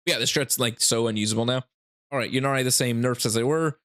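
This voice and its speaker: In a casual rules breakdown, the host of a gaming channel walks through how a game works, rambling, laughing, and often starting over amid hiccups. His medium-pitched voice is a bit bright, and he talks quickly.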